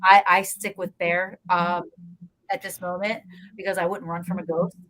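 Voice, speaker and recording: A woman guest, a paranormal investigator, telling stories in a lively, casual way with lots of fillers. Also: lowish voice, normal speed. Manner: animated storyteller, acts out scenes, frequent fillers. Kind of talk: casual storytelling interview.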